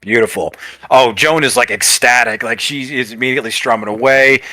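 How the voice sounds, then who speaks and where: A man narrates as game master, rambling and restarting his sentences as he describes the scene. His voice sits in an ordinary middle pitch. The recording is dry with no room sound. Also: a little fast, bright, forceful tone, no room sound. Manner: rambling with many fillers and restarts.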